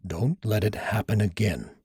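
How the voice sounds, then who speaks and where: A man's voice: on the low side, animated, normal speed, darkish tone, slightly rough, no echo, studio quality. A man voicing a stern male college professor who growls orders at students in an audiobook. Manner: growling, commanding.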